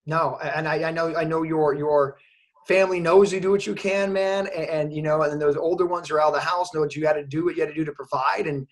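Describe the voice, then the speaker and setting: A man's voice: fairly high pitch, fairly even intonation, quick pace. A man hosting an interview, talking casually and with open feeling, often using "like" and "you know". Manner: enthusiastic, emotional, lots of fillers like "like". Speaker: host, course creator.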